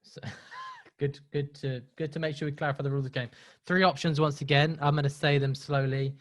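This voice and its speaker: A man's voice: on the high side, wildly swooping pitch, a little fast, dry recording. A man hosting a live webinar, upbeat and chatty, running a quiz with the audience. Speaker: webinar host.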